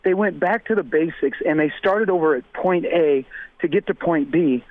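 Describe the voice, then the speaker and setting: A man with a hoarse voice from a cold, giving football analysis on a sports radio show in a measured, conversational way. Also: on the high side, no echo. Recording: phone-line audio.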